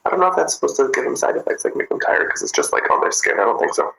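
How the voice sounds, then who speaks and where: A man chatting casually with viewers on a livestream, bubbly and giggly, in an animated way. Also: on the high side, fast, creaky, roomy sound, poor audio. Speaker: livestream host.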